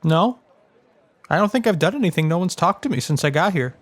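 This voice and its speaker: A man playing a kind, earnest young hobgoblin student in a tabletop role-play, speaking with gentle hesitation. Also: fairly high pitch, animated, a little fast, dry recording. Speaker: player.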